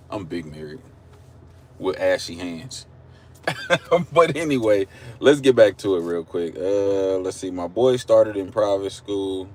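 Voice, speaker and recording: A man's voice: low voice, darkish tone. A man with an Oklahoma country accent, chatting casually and rambling on a livestream from his car, joking with his viewers. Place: in a car at a drive-thru. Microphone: phone camera.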